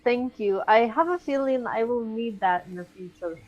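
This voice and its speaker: A woman's voice: fairly high pitch, normal speed, faint music behind. Hesitant woman player, dull lo-fi audio. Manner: hesitant, with stammers and restarts. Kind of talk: in-character tabletop role-play.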